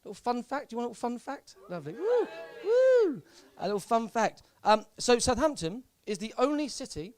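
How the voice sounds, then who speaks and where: Deadpan young comedian. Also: male voice, extremely high pitch, fast talker, few pauses. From Southampton, England. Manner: deadpan, hesitant delivery with many fillers and repeats. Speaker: stand-up comedian. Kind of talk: live stand-up set. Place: comedy club stage.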